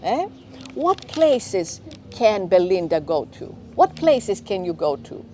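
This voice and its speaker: Slow, clear woman teacher. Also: mid-range voice, big pitch swings, warm tone, slight background noise. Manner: slow, clear, often checking with children. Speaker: teacher, director of studies. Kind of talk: storytelling to young learners.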